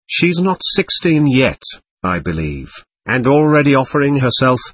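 A man reading an irritable, contemptuous young man in a storybook, with a husky, lively voice. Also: mid-range voice, unhurried, dry recording, heavily acted. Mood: bitter.

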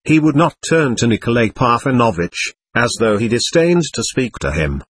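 A man narrating a novel as an audiobook in an expressive storytelling manner, close to the mic. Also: medium pitch, moderate pace, dry recording.

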